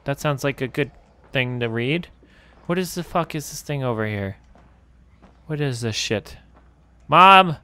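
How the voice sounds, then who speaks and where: A man's voice: medium pitch, animated, a little slow, pauses often, bright, forceful tone, clean tone, dry recording. A man playing a horror game and commenting as he goes, talking to himself, cursing often and easily startled. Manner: jumpy, swears a lot, talks to himself. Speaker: gaming channel host.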